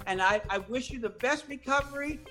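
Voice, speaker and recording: A woman's voice: sits high, brisk, a bit bright, soft background music, pitched above the performer's own voice. A woman voicing a flustered female phone service agent who gushes apologies over and over. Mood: soothing. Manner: gushing, repetitive apologies.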